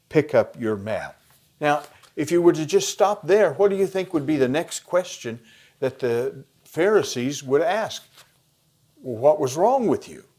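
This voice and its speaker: A man with an American accent explaining a Bible passage in a conversational lesson, pausing with fillers. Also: medium pitch, a little mellow. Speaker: Bible study teacher. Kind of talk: teaching a lesson plan.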